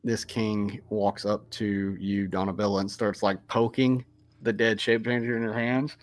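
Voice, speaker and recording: Casual game master narrating. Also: male voice, on the low side, flat delivery, a little slow, no room sound. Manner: casual, lots of fillers.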